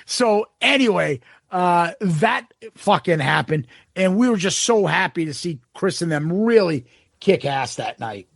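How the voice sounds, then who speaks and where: A man with a high, rough, breathy voice that leaps up and down as he talks. He chats casually as a podcast co-host, swearing freely and acting out the lines of people in his stories. The sound is dry and close. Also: unhurried, no echo. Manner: swearing, animated storytelling with quoted voices. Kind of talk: casual chat.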